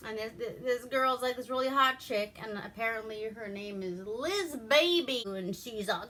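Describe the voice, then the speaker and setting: A woman's voice: fairly high pitch, moderate pace, hardly any pauses, pushed and bright. A woman from Alaska giving a rambling, profane, wry movie review in casual chat.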